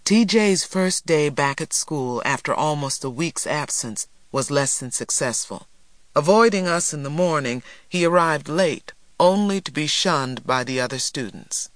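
A man's voice: on the high side, expressive, unhurried, a bit bright, dry recording. Man reading a story aloud, dry close. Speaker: reader. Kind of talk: storybook narration.

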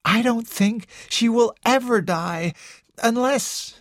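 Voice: mid-range voice, takes it slowly, dry recording, studio quality, pitched above the performer's own voice. Reader voicing a tense, bitter young man. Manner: urgent, bitter, insistent.

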